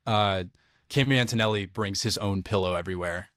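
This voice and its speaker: A young man from Alabama, a podcast guest telling lively stories in casual chat, swearing now and then. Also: lowish voice, brisk, no echo, studio quality. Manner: animated storyteller, swears casually.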